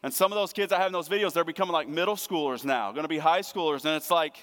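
A middle-aged man preaching a sermon as pastor, earnest, moving between hushed tender lines and emphatic raised passages. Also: fairly high pitch, fast talker. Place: church sanctuary. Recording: long hall reverb.

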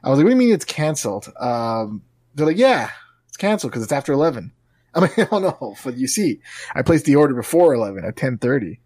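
A man on a podcast chatting casually, telling a story in an animated way, acting out the lines of both sides and swearing now and then. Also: medium pitch, a little fast, slightly rough, dry recording.

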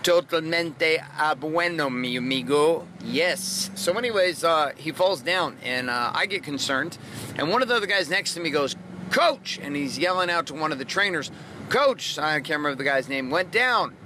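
A man's voice: a little high, a little fast, background noise. A man in his thirties hosting a motivational podcast, talking bluntly and energetically with plenty of swearing. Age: 30s. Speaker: podcast host, coach. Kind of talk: motivational monologue.

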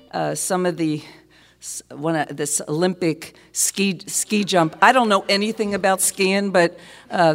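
A woman singer talking to a concert audience between songs, in rambling, halting stage banter full of ums. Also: on the low side.

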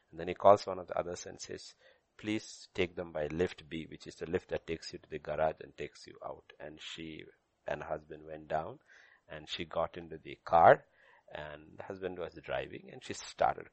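A man's voice: low voice, gravelly, no echo. A man pastor preaching a sermon, telling a story and acting out its dialogue, repeating phrases for emphasis. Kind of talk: sermon with Bible teaching.

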